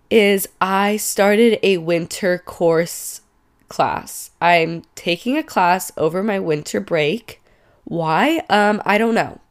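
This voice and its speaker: Young female podcast host in her twenties, stuffy cold voice, chatty and emphatic. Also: on the low side. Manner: chatty and emphatic, rising to exclaim in mock outrage. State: congested from a cold. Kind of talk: casual solo podcast chat.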